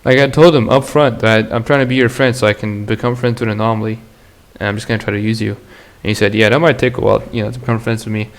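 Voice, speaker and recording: Gravelly young-sounding man rambling crudely. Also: fairly low pitch, steady tone, fast, hardly any pauses. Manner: rambling, crude and slangy, with frequent laughs. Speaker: podcast host. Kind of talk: casual solo podcast monologue.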